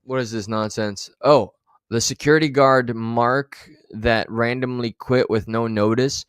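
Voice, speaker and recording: The speaker is a man with a mid-range voice, fairly even in intonation and a little slow, with a clean tone and no room sound. He runs profane commentary over clips on a livestream, blunt and sarcastic throughout.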